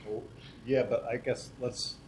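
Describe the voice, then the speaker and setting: A man's voice: medium pitch, level tone, a little slow, darkish tone. A man acting as mayor and chairing a council meeting with brief procedural remarks. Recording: distant mic with clear background noise.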